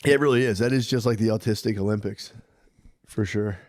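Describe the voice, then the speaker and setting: A man's voice: on the low side, a little fast, darkish tone. A man co-hosting a podcast in casual banter, rambling loosely, swearing often and laughing a lot. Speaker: podcast co-host.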